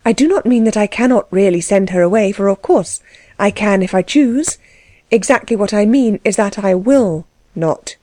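A woman's voice: mid-range voice, moderate pace, warm tone, dry recording, close to an everyday voice. A woman reading as Anna, earnest young woman. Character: young gentle earnest woman, kind but firm. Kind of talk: audiobook reading.

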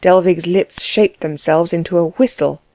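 A woman narrating an audiobook in a measured, expressive storytelling manner. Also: lowish voice, dry recording.

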